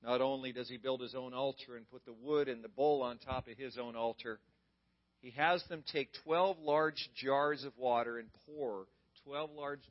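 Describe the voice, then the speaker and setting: A man preaching a sermon as a pastor, retelling a story dramatically and swinging from loud to hushed. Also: mid-range voice, muffled recording.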